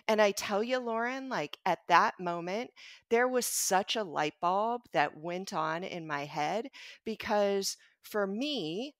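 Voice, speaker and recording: A woman's voice: mid-range voice, takes it slowly, no room sound, clean studio sound. A middle-aged woman, a pediatrician guest on a podcast, telling a personal story in an earnest, reflective way. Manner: reflective, earnest, animated when quoting others. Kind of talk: conversational storytelling.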